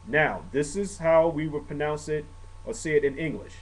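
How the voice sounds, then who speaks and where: A man's voice: fairly high pitch, normal speed, low-quality recording. A man preaching a conversational sermon, checking in with the congregation and rising in emphasis on key points. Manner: conversational, frequent "okay" check-ins, rises when emphatic. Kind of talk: sermon teaching.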